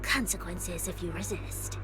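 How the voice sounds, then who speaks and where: A woman's voice: fairly low pitch, fairly even intonation, measured pace, a bit bright. An actress voicing Cecilia, a playful, food-loving young female public security specialist in a video game, teasing and joking as she talks. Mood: mock-stern. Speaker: game character. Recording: game audio with music behind.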